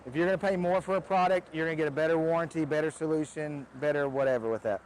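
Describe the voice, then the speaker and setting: A man's voice: fairly high pitch, steady tone, quick pace, darkish tone, slight background noise, rough recording. A man who runs a pond business giving a casual how-to demonstration outdoors beside a backyard pond, chatty and often restarting his sentences.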